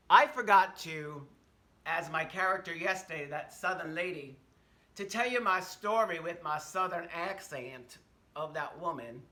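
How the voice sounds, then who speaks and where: A man's voice: on the high side, bright, forceful tone. A man hosting a casual vlog, telling stories in a chatty, hesitant way with many asides. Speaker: host. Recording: roomy echo.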